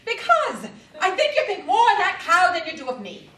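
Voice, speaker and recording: A woman's voice: very high-pitched, wildly swooping pitch, moderate pace, sharp tone, heavily acted. A woman playing a farmer's wife with a rustic drawl, recorded from far off on a live stage. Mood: mild. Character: farmer's wife, jealous of the cow. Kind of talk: improv stage acting. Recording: echoey stage from far off with background noise.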